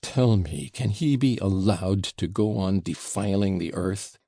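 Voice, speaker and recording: A bitter, furious young man, as a narrator puts him on, speaking low and controlled with a hollow growl underneath. The voice is deep and rough with a gravelly edge. It sounds close and dry. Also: a little slow, mellow, no room sound, full character voice.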